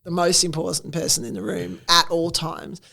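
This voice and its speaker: A woman in her forties with an Australian accent, telling stories in a casual interview, animated and full of acted-out quotes. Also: on the low side, normal speed, gravelly. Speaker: interview guest, entrepreneur.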